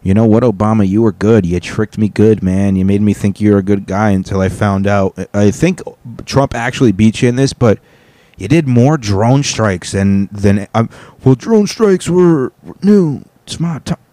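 A man's voice: lowish voice, steady tone, normal speed, dark tone, no echo. A man hosting a solo podcast from his apartment, ranting casually in a rambling, profane way and cutting himself off mid-sentence. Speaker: podcast host. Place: home apartment.

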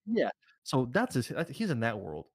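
A man's voice: mid-range voice, huge pitch swings, normal speed, crowd noise. A man co-hosting a podcast, rambling through a casual story and acting out what people said. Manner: rambling, restarts, acts out quotes. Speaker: podcast co-host.

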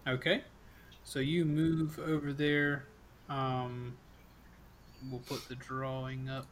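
A man narrating as game master in a casual, quick way with many fillers. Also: medium pitch, monotone, a little hiss or hum.

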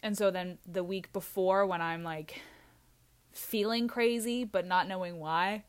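A young woman vlogging in a rambling, scattered way, goofy and self-mocking, with sudden loud outbursts. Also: on the low side, fairly even intonation, unhurried. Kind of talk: rambling casual monologue.

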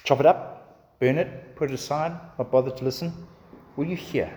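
A man's voice: medium pitch, fairly even intonation, moderate pace, a little mellow. Man preaching in a reverberant hall. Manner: repetitive, building cadence. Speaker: pastor. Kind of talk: sermon with closing prayer.

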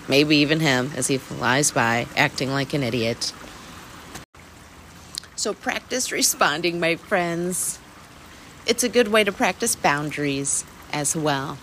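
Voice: medium pitch, expressive, slow pace, pauses often, a bit bright, a little hiss or hum, poor audio. A person hosting a weekly mindfulness talk, speaking candidly and casually, laughing and swearing now and then. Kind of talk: casual reflective self-help talk. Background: rain.

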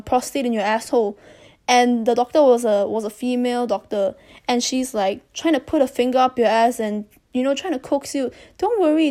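A woman's voice: fairly high pitch, dark tone. A young woman from Malaysia telling a personal story in a candid, rambling way, swearing freely, with audible breathing on a close mic. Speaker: vlogger. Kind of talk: casual storytelling monologue.

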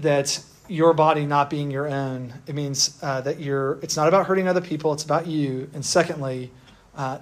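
A young man giving a sermon to a room, talking casually and asking the listeners rhetorical questions. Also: fairly high pitch. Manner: conversational, asks the audience rhetorical questions. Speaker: pastor. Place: room with an audience.

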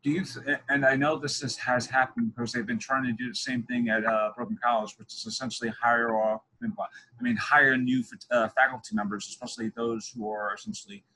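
A man's voice: mid-range voice, a little fast, few pauses, bright, forceful tone, rough recording. A young man interviewing a guest, telling long, digressive stories in casual conversation. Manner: chatty, digressive storytelling.

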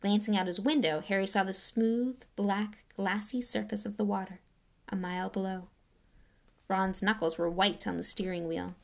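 A woman reads a storybook aloud in a dramatic way, speaking at a middling pitch. At tense moments she drops to an unvoiced whisper, then picks up again as the action builds. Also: steady tone, normal speed, vocal fry. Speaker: narrator. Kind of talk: audiobook reading.

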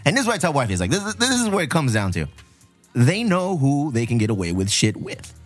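A man in his thirties chatting casually on a podcast, telling animated stories about raising his kids, swearing freely and mixing in Spanish words. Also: mid-range voice, quick pace, soft background music. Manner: animated storyteller, acts out his family's voices. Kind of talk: casual chat.

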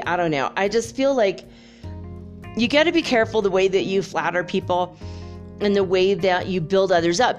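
A woman telling a story in a casual, chatty monologue, laughing often and filling pauses with ums and you-knows. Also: medium pitch.

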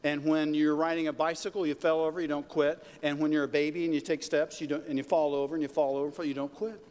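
A man's voice: fairly high pitch, little pitch movement, quick pace, a little mellow. Conversational male pastor in a reverberant hall. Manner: conversational, with frequent rhetorical "right?" and "okay?". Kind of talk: sermon.

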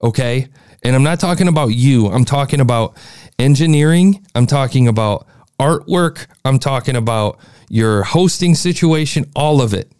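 A man's voice: mid-range voice, expressive, normal speed, a little mellow, smooth, no echo, studio quality. A man hosting a podcast, giving a blunt, exasperated critique of a listener's show. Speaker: podcast host reviewing listener shows.

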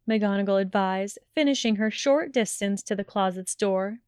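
Female audiobook narrator, even and measured, smooth clean dry read. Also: mid-range voice, dry recording. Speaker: audiobook reader. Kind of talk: fan fiction audiobook narration.

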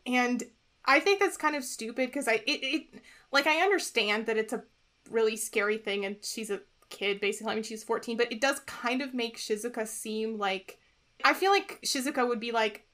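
Young woman podcaster, talky, lots of like, a bit high pitched. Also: moderate pace, fairly bright tone. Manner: chatty, lots of "like", retells scenes in quotes. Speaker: podcast co-host. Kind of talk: casual chat recapping an anime episode.

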